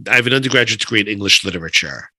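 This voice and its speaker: A man with a New York accent hosting a podcast interview, chatty and animated, with dry humor. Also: on the low side, racing, slightly rough, dry recording. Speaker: podcast host.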